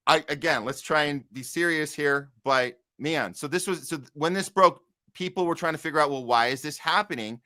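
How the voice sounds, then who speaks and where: A man's voice: fairly high pitch, normal speed, sharp tone. A man hosting a political podcast, talking in a loose, rambling way with lots of fillers and reading out headlines. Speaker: podcast host. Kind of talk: casual political commentary.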